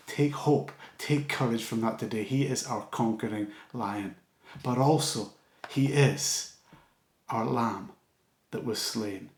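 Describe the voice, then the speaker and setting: Casting: earnest preacher, mid-pitched, roomy church sound. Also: male voice, a little slow. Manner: earnest, drops to soft low emphasis. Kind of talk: sermon.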